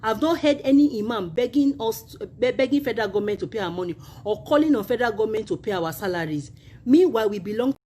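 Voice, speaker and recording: A woman's voice: on the high side, animated, fast talker, warm tone. A woman with a Nigerian accent, a university union member making an impassioned video appeal, emphatic and indignant, repeating her points.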